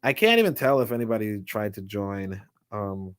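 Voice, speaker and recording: A man's voice: fairly low pitch, moderate pace, clean tone, no room sound, clean studio sound. A man reading a history book aloud on a live stream from a handheld computer, breaking off often into loose, slangy commentary full of fillers and restarts. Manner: loose slangy talk with many fillers and restarts, shifting to steady reading of passages. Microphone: handheld portable computer.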